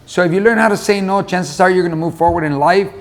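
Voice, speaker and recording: A man's voice: high voice, fast. A man giving a motivational talk in a folksy, conversational way, telling a farm fable and repeating his key points. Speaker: motivational speaker. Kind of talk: motivational storytelling monologue.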